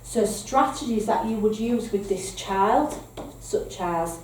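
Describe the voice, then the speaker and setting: A woman's voice: mid-range voice, expressive, slow pace, darkish tone, slight background noise. A woman with a Northern English accent giving a training presentation to foster carers, explaining points patiently and checking in with "okay?". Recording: echoey room, mic at a distance, faint ambience.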